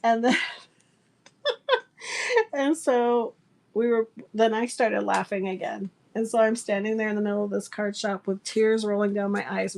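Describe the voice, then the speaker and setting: A woman's voice: mid-range voice, gravelly. A middle-aged woman hosting a craft livestream, chatting casually and breaking into laughter as she tells a funny story. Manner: animated, laughing often while telling a story. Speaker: livestream seller host. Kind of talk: casual live-stream storytelling.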